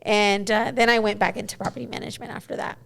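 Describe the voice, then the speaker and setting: A woman's voice: mid-range voice, steady tone, fast, creaky, fairly bright tone. A woman in her forties, a guest in a casual interview, telling stories in a chatty way with many "you know"s.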